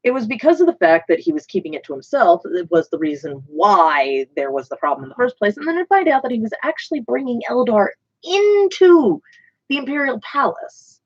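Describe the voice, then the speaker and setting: A woman chatting casually as a livestream host, rambling and joking about herself, with murmured asides. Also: mid-range voice. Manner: rambling, self-deprecating, drops into murmured asides. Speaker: livestream host painting miniatures. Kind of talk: casual chat. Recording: dull lo-fi stream audio.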